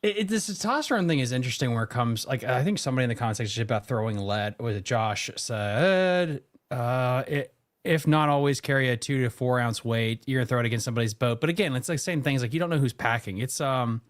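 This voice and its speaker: Male podcast host from Maryland, mid-pitched, relaxed and easygoing, laughs a lot. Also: quick pace. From Prince George's County, Maryland. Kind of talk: casual podcast chat.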